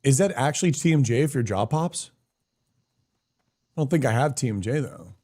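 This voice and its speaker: A man's voice: medium pitch, expressive, normal speed, dark tone. A young man live-streaming a game, chatting casually, greeting viewers by name and swearing now and then in a hyped-up way.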